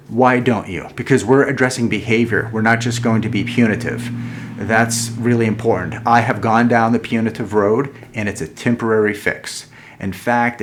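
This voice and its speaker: A man hosting a parenting vlog, talking to the camera in an earnest, calm, explanatory way. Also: mid-range voice. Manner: earnest, calm and explanatory, with a playful mock-angry skit. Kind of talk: casual talk to camera.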